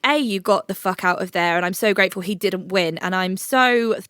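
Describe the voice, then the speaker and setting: A woman's voice: medium pitch, a little fast, clean tone, no echo. Reassuring woman, close and dry. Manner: warmly reassuring, protective, sweary. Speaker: podcast co-host. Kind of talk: emotional supportive chat.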